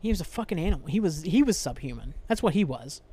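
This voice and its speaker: Hosting his own podcast, a young man rambles through an angry, profane rant with many sighs and restarts. His slightly high voice is mellow with a breathy edge, very animated, and he speaks fast.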